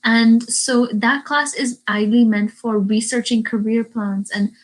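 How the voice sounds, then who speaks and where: Teen girl, Derry accent with an Indian hint, bubbly livestream chatter, slightly higher voice. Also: steady tone, unhurried, poor audio. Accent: Northern Irish (Derry) with a hint of Indian. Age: teens. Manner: chatty and bubbly, many "like" fillers. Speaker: YouTuber reading live chat. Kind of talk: casual livestream chat. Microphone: webcam mic.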